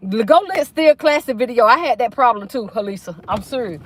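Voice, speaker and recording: A woman's voice: on the high side, expressive, normal speed, a little hiss or hum. Chatty woman livestreaming from a car. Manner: chatty, reads viewer comments aloud, folksy. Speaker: livestream host. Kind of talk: casual livestream chat reading comments. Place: inside a car.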